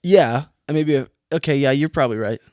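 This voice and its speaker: A man's voice: mid-range voice, fairly quick, no echo. Young man, podcast co-host, casual banter, jokey, dry sound. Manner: jokey, slips into a loud put-on frat-boy voice. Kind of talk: casual chat. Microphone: headphones and studio mic.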